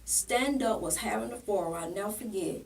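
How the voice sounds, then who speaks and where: A woman's voice: medium pitch, brisk, vocal fry, far from the mic. A woman pastor and political candidate, telling a painful personal story in an interview in a plain-spoken, earnest way. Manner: plain-spoken, earnest, acts out remembered dialogue.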